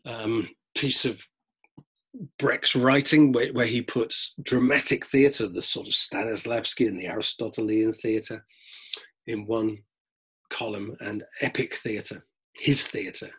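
A fairly low, steady, husky voice with a bit of brightness comes from a London-accented drama teacher from England, speaking a little slowly over poor-quality audio. His explanatory lecture wanders, with repeated words as he thinks and mock voices for theatregoers.

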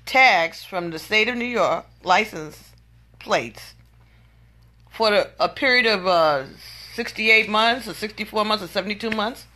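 Woman vlogger, venting monologue, exasperated and incredulous, bright forceful tone. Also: mid-range voice.

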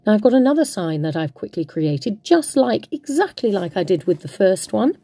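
A playful woman talks through a craft project, half to herself. Her voice is mellow and a little husky. The sound is close and dry. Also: mid-range voice, big pitch swings, normal speed, dry recording. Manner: chatty, playful, talks to herself while working. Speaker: craft tutorial host. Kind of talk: casual crafting demonstration.

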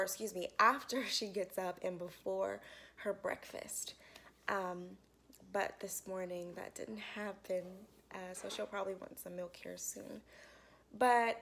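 A young woman and mother chatting casually in a home vlog, soft and slow with many fillers. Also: medium pitch. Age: young adult. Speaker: vlogger and mother. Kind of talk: casual vlog narration and baby talk. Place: home indoors.

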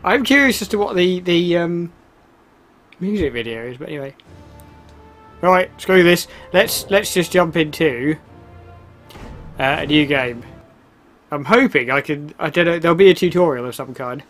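A man's voice: fairly high pitch, lively intonation, normal speed, pauses often, a bit bright, soft background music. A man giving casual, wry commentary while starting a video game, with sarcastic asides. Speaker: let's play host.

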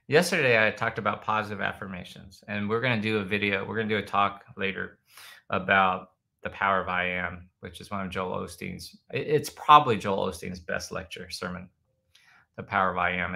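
A man with a low, gravelly voice hosts a laid-back livestream and reads out viewer comments. His tone is bright and forceful, and he rambles loosely, now and then breaking into loud chants to make a point. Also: poor audio. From United States. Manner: bursts into loud chanting when demonstrating. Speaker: host answering viewer comments. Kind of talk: casual livestream chat.

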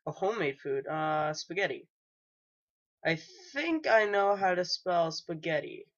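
His voice sits high and fairly bright, animated yet measured in pace: a young man, maybe in his teens, doing casual let's play commentary for his gaming YouTube channel. The talk wanders and stumbles, with lots of ums and do-overs, picked up by a dull lo-fi home mic.

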